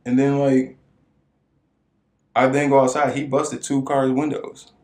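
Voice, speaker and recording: Animated storytelling man, echoey room. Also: unhurried. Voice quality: voice cracks high at times. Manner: animated storyteller who acts out quoted voices. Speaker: podcast co-host. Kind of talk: casual storytelling chat.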